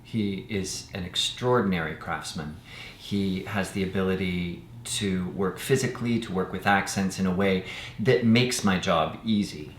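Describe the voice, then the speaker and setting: Low-voiced man, measured, roomy sound. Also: slight background noise. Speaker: theatre director. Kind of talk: interview chat. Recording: roomy sound with faint ambience.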